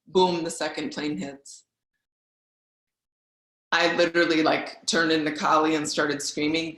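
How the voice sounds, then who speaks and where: A woman's voice: sits low, little pitch movement, normal speed, a bit bright. A woman in her forties, from the US Midwest, telling her personal story as a guest speaker in a candid, conversational way. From Wisconsin, US Midwest. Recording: roomy echo.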